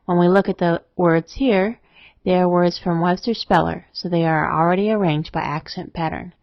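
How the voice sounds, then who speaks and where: A woman narrating a scripted spelling lesson, explaining rules in a steady, methodical way. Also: on the low side, normal speed, dry recording. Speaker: spelling teacher. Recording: dry, dull lo-fi voice-over.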